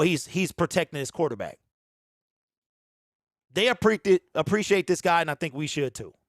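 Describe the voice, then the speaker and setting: A man hosting a live sports talk stream, excitable and repeating himself as he riffs. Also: high voice, no room sound, clean studio sound. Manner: excitable, repeats himself, mocks fans in a mimicking voice. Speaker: sports show host.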